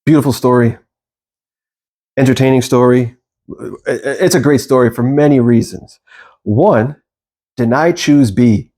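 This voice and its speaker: Male coach, casual storytelling monologue, lively and profane, voices the quotes himself. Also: medium pitch, unhurried, pauses often. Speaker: manifestation coach.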